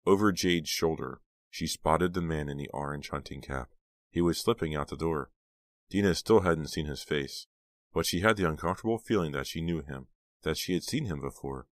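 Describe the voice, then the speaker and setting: A man narrating an audiobook in a measured storytelling manner on a close mic. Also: extremely low pitch, dry recording. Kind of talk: scripted narration.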